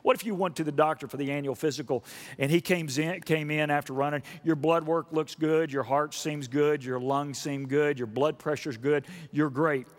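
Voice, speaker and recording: A man preaching a sermon emphatically, asking the congregation questions and building up to loud repeated stresses. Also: a little high, fairly even intonation, normal speed. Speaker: pastor. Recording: long reverb of a large hall.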